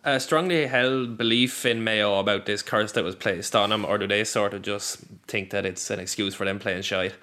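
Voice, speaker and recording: A man's voice: on the low side, steady tone, normal speed, few pauses, sharp tone. A man, co-hosting and putting questions to a guest in a light-hearted, joking way. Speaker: podcast co-host. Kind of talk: casual interview questions.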